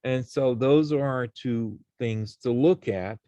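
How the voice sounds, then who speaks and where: A man's voice: medium pitch, slow, dark tone, no echo. A man teaching a college algebra class, explaining each step and checking in with his students. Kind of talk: classroom math lecture.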